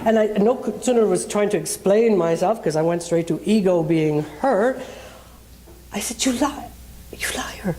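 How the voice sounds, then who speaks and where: A woman's voice: mid-range voice, normal speed, mellow. A woman minister preaching in a conversational way, telling a personal story and acting out the people in it.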